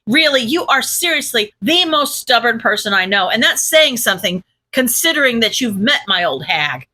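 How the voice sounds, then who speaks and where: A woman voicing a hot-tempered, foul-mouthed teenage boy who yells scornful insults. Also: fairly high pitch, sing-song, normal speed, full character voice.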